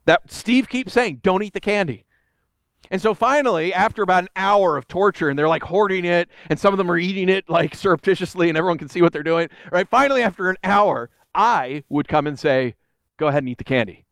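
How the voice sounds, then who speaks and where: A man's voice: high voice, a little fast, vocal fry, few pauses, no echo. A man giving a conversational sermon, telling stories and acting out the people he quotes. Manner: animated storytelling, voices quotes. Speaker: preacher.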